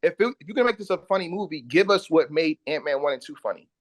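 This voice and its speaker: Joking male panelist, voice a touch high. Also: lively intonation, fast. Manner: joking, playful. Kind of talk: casual chat.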